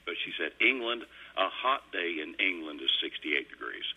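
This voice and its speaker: Deep, husky radio host. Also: male voice, animated, normal speed, sharp tone, poor audio. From Kentucky. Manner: folksy, rambling storyteller. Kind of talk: casual on-air chat. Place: radio studio.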